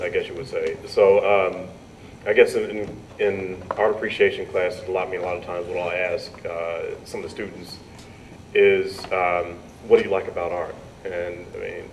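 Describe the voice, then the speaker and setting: A deep-voiced man speaks on a panel, hesitant and thoughtful, often pausing to rephrase. He sits some distance from the mic. A faint hum runs behind him. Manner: hesitant, many fillers and restarts. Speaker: artist and art teacher panelist. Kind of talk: panel talk.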